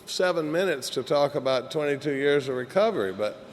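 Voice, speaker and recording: A man's voice: a little high, expressive, a little fast. A middle-aged man giving a candid, joking, profane talk at a recovery meeting, rambling with many fillers. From Texas. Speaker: AA speaker. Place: meeting hall. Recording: echoey hall recording with faint hiss.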